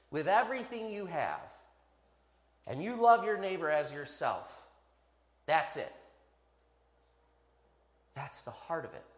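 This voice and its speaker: A man preaching a sermon in a church, emphatic and animated, with playful asides to the congregation. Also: fairly high pitch. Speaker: pastor. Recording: echoey hall.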